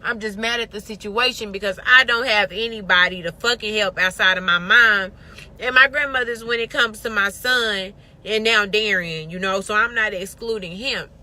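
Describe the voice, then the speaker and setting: A woman's voice: medium pitch, moderate pace, sharp tone. A young woman venting candidly to camera, telling a story with plenty of swearing. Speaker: vlogger.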